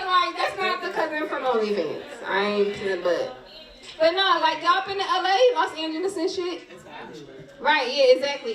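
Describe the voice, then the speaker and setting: A woman from doing a raunchy stand-up comedy set, cursing freely and laughing at her own jokes. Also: very high-pitched. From Philadelphia. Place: comedy club stage before a live audience. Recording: roomy club sound from a distance, loud audience.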